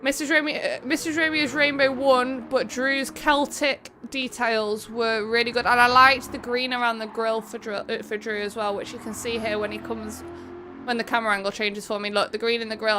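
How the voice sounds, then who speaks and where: A woman's voice: on the high side, pushed and bright, slight background noise. A woman with an English accent, commentating a racing game live on stream and chatting with viewers. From England. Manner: chatty, quick race commentary, greets viewers by name. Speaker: streamer hosting an online racing event.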